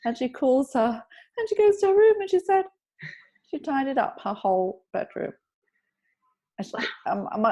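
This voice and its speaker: A woman guest on a podcast, calmly explaining a self-help technique and telling anecdotes in an instructive way. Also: medium pitch. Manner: calm, instructive, tells anecdotes. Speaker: EFT tapping practitioner, guest. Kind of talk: explaining in an interview.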